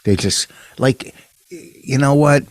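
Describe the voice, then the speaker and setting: A man's voice: mid-range voice, slow pace, no room sound. Older man, brash, profane, grumbling podcast banter, dry close sound. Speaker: podcast co-host. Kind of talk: casual comedic podcast banter. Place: home podcast studio.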